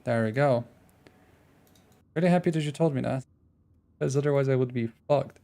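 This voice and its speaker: Gravelly self-mocking male game streamer. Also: medium pitch, steady tone, a little fast, pauses often, mellow. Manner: self-deprecating, rambling, joking. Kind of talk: casual live-stream chat while gaming.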